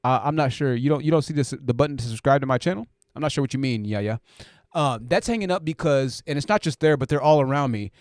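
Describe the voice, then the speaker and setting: A man's voice: mid-range voice, fast talker, darkish tone, no echo, studio quality. A man hosting a live stream in a casual chat style, rambling through explanations with lots of fillers, on a dynamic podcast mic in a home room. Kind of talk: casual live chat, reading viewer comments. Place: home room with hoodies hung up to absorb sound. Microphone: dynamic podcast mic through a preamp.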